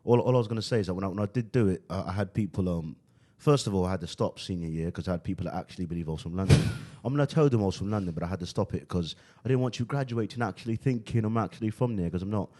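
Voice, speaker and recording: A man's voice: low-pitched, racing, warm tone, slight background noise. A young man with a Brooklyn accent hosting a casual podcast chat, streetwise and full of fillers. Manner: streetwise, fillers like "you know what I mean". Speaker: podcast host.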